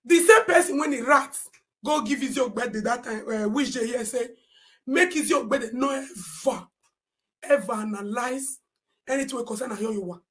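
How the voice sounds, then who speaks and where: A woman with a Nigerian accent, ranting indignantly on a live stream in Pidgin, often shouting and reading viewers' comments aloud. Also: fairly high pitch, normal speed. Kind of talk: Nigerian Pidgin social media rant.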